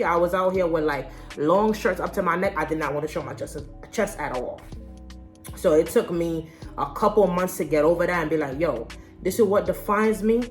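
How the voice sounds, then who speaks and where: Young woman, casual vlog storytelling, candid, slangy, deep low voice. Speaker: vlogger.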